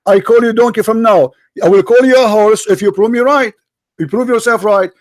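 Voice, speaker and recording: A man hosting a heated live debate, combative and repeating insults, his voice strained and going hoarse. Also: high voice, fairly quick, dry recording, clean studio sound. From Arab world. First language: Arabic. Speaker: livestream debate host.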